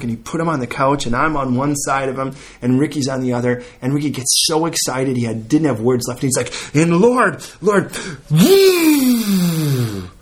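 A middle-aged man preaching a sermon as a pastor, telling stories with lively acted-out quotes. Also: fairly high pitch. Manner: animated storytelling, acts out quoted prayers.

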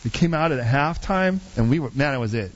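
A middle-aged man preaching a sermon through a personal story, animated and rambling, with many restarts and asides. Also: mid-range voice, brisk, dull audio.

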